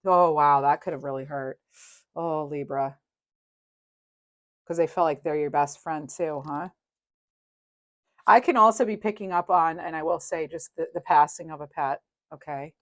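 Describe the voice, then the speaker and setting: A woman with a fairly low voice gives a casual tarot reading, talking straight to the listener. She is chatty and thinks out loud, laughing easily, with a gentle, sympathetic manner. The sound is dry and close, with no room around it. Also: moderate pace, pauses often, no room sound. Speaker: tarot reader.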